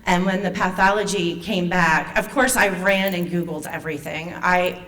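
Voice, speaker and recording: Casting: woman in her 50s, lowish voice, nervous and halting, picked up from afar in a hall. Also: steady tone, fairly bright tone. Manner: nervous and emotional, halting with restarts. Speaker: foundation president and patient speaker. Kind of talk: personal story told to an audience. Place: event venue. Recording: distant mic with faint room noise.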